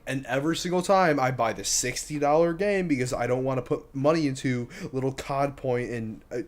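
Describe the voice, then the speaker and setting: A man's voice: medium pitch, a little fast. A young man co-hosting a podcast, talking bluntly and profanely, often searching for words. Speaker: podcast co-host. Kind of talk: casual chat.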